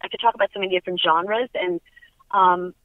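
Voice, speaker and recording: A woman's voice: lowish voice, fairly even intonation, a little fast, no room sound. A middle-aged woman from Long Island, chatting upbeat and laughing often as a guest in a phone interview. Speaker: guest actress. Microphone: telephone. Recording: tinny phone line.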